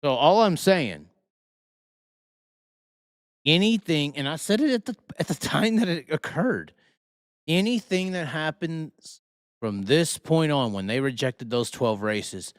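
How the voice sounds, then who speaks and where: A man hosts a live show in a heated, foul-mouthed rant, firing rhetorical questions at his listeners. His pitch swings widely from line to line. The sound is dry and close, with no room to speak of. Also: lively intonation, takes it slowly, long pauses, dry recording. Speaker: host. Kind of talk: profane live-stream rant.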